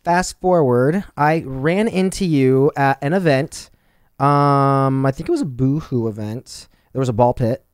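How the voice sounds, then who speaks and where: A young man hosting a casual chat, warmly and effusively telling stories about a friend. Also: mid-range voice, a little slow, clear, resonant tone, no echo, studio quality. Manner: warm, effusive, animated storytelling. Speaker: host.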